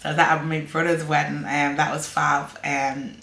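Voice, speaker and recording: An Irish woman chats to her camera at home in a rambling, friendly vlog way, laughing now and then. Her voice sits low but sounds bright and forward. The room around her is echoey. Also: little pitch movement, moderate pace, slight background noise. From Ireland. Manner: chatty and rambling, laughs often. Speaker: vlogger. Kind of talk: casual chat to camera.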